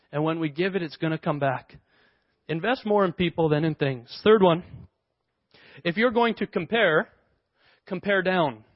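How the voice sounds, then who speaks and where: High-voiced animated male pastor. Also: no room sound. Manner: animated storyteller, laughs often. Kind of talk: sermon. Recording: dull lo-fi dry sound.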